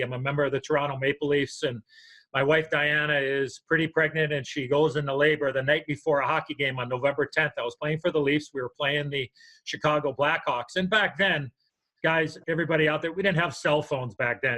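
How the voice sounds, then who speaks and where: Bright-voiced older man telling a story. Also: a little high, low-quality recording. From United States. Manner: animated, acts out voices in his anecdote. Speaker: podcast co-host. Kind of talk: storytelling in casual chat.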